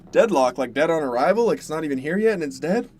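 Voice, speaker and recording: A man's voice: fairly high pitch, animated, quick pace, a little mellow. Young man chatting to viewers while eating. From Canada. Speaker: streamer. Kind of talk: casual chat with viewers. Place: dark bedroom at home.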